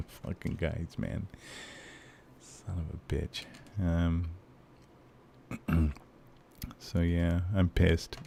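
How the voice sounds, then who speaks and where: A man's voice: low voice, level tone, very slow, vocal fry, pauses often, mellow. A man streaming a game, chatting casually and ranting with lots of swearing and fillers. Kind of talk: casual live-stream chat.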